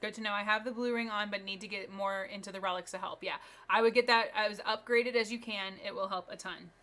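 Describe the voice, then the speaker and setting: A woman's voice: mid-range voice, steady tone, a little fast, pushed and bright. A woman streaming live from home, chatting casually and upbeat with her viewers while she builds.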